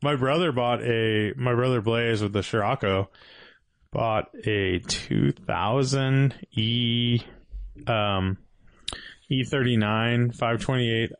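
A man's voice: medium pitch, takes it slowly, smooth, no room sound. A man telling rambling stories in a casual chat about cars. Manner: laid-back, rambling storyteller.

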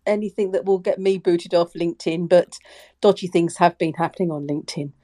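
A woman's voice: lowish voice, a little fast, mellow. A woman joining a podcast as a guest, chatting casually and hesitantly, often repeating her words. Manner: hesitant, repeats herself, plays it safe.

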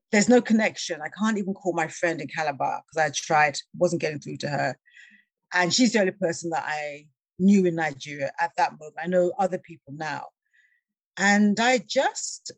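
A woman telling a personal travel story in a conversation, lively and laughing, acting out the voices of the people she quotes. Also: sits low, dry recording. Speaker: guest.

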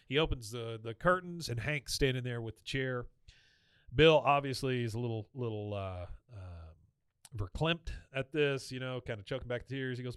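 A man's voice: mid-range voice, smooth, no echo. A man co-hosting a podcast, casually retelling cartoon scenes and acting out the characters' lines with a laugh. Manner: animated retelling, acts out lines in quick voices, laughs often. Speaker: podcast co-host recapping a cartoon episode.

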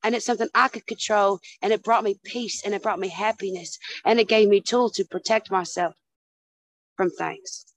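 A woman's voice: mid-range voice, normal speed, low-quality recording. A woman guest in a casual chat, telling stories with lots of swearing and calling the listener "honey" and "dude". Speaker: podcast guest.

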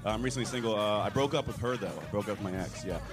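A man's voice: lowish voice, fast talker, music in the background. A young man with a Philadelphia accent doing a laid-back stand-up set, mumbling and tagging lines with "you know what I'm saying". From Philadelphia area. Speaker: stand-up comedian. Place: comedy club stage.

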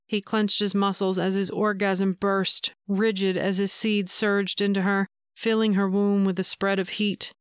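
A woman narrating an adult audio story in a slow, even reading voice. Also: mid-range voice, clean tone, no echo, studio quality.

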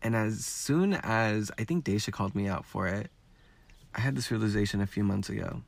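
A man with a gravelly, fairly low-pitched voice hosts a podcast at a moderate pace. Frank and heavily profane, he talks in a loose, rambling way full of fillers.

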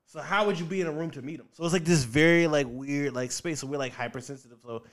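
A man's voice: a little high, fast. Rambling, laughing young man on a podcast. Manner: rambling, laughs often, uses fillers. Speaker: podcast guest, comedian. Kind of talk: casual podcast chat.

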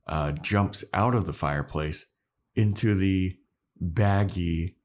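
Low-voiced man recapping a show. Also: darkish tone. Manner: loose scene-by-scene recapping with laughs. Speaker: podcast co-host. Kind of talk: casual chat.

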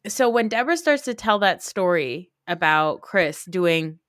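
A woman with a bright, forceful voice chats through a reality TV recap, slipping into quick impressions of the cast as she goes. The sound is dry and close, with almost no room around her. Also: on the low side, no room sound. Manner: animated, acts out quotes from the show. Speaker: podcast co-host. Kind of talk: casual reality TV recap chat.

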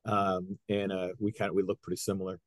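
A middle-aged man, a high school wrestling coach, telling stories in a casual interview with lots of restarts. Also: fairly quick. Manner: animated storyteller, frequent restarts.

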